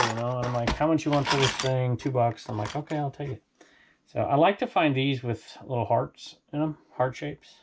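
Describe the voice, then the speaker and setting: A reseller vlogger from Southern California chats casually to viewers while showing items he resells. His voice is medium in pitch and his talk rambling, with slight background noise.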